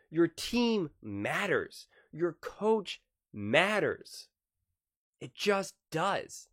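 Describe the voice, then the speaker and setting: A man's voice: mid-range voice, a bit bright, no room sound, studio quality. A man giving a sports opinion monologue, arguing with rhetorical questions and rising to emphatic peaks.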